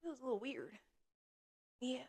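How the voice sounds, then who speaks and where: Animated woman telling a story. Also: sits high, normal speed, breathy edge. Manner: animated storyteller, acts out quoted lines. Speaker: podcast co-host. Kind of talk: casual storytelling chat.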